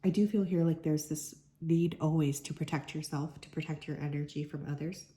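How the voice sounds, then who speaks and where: Woman, tarot reader, hoarse sick voice, low and mellow, echoey room. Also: steady tone, brisk. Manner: chatty, lots of "like" fillers. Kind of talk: casual collective card reading to viewers.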